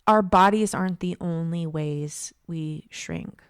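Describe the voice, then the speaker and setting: Woman coach hosting a podcast, lowish voice, dry close mic, encouraging. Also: slow pace, smooth, no echo. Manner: warm, encouraging, asks rhetorical questions. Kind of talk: podcast interview.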